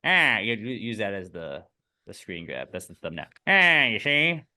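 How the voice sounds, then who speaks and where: A man hosting a podcast with joking, rambling talk and deadpan asides, reading listener questions. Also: fairly low pitch, moderate pace. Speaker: podcast host. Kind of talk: casual podcast banter.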